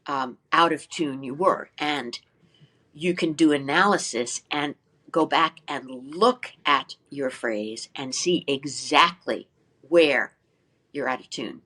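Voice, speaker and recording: A woman's voice: low-pitched, slow, slightly rough. Older woman teacher full of rhetorical questions. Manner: animated, asks many rhetorical questions, sings demonstration syllables. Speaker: flute teacher, podcast guest. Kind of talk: interview, explaining practice methods.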